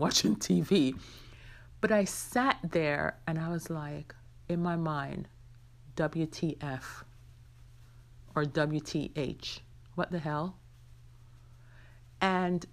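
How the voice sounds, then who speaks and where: A woman hosting her own podcast, telling a personal story candidly and talking straight to her listeners. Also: lowish voice. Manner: candid, conversational, addresses listeners directly. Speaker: podcast host.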